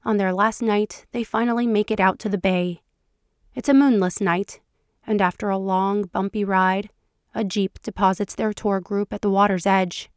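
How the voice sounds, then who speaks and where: A woman podcast host reading fan fiction aloud in a soft, intimate storytelling voice. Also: medium pitch, flat delivery, normal speed, smooth, no echo, studio quality. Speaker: podcast narrator.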